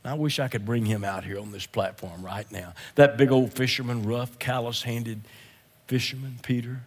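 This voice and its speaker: A man preaching a sermon as a guest speaker, emphatic and repetitive, swinging between loud declarations and hushed asides, often clearing his throat. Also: medium pitch, normal speed, big-room sound.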